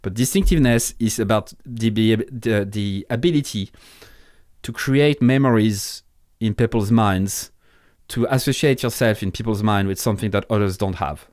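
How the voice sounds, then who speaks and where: A man's voice: fairly low pitch, moderate pace, a little mellow, dry recording, clean studio sound. A man with a French accent, a podcast guest in casual interview talk, blunt and swearing freely, often restarting his sentences. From France.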